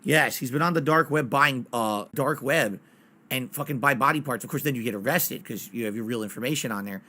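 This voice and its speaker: A man's voice: mid-range voice, a little fast, bright, forceful tone. A man streaming games live, chatting casually and ranting bluntly with plenty of swearing. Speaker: game streamer.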